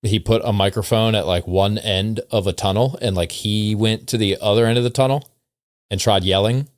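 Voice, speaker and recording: A man hosting a laid-back podcast chat, wandering through his points with wry, self-deprecating asides. His voice is a touch low and sounds dry and close, with no room echo. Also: steady tone, normal speed. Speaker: podcast host.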